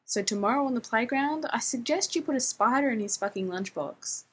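A woman's voice: fairly high pitch, lively intonation, a little fast, fairly bright tone, slight background noise. A woman reading the lines of a blunt, protective man who is curt and sarcastic and swears. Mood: dry.

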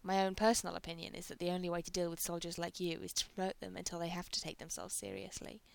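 A woman's voice: on the low side, little pitch movement, fast talker, vocal fry. A woman voicing a laid-back, sardonic male general in a read-aloud story.

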